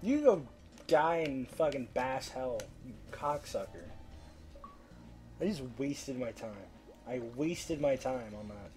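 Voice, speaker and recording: Speaking slowly in a medium-pitched, animated, darkish voice with faint music behind him, this let's-play commentator begs the fish to bite. He's profane and trash-talks them, his pleading turning to frustration.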